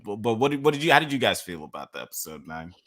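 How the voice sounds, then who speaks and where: A man's voice: lowish voice, very animated, rapid-fire, fairly bright tone, no echo. A man hosting a casual podcast chat, recapping episodes and asking his co-hosts questions. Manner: leads the discussion with recaps and questions. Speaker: podcast host.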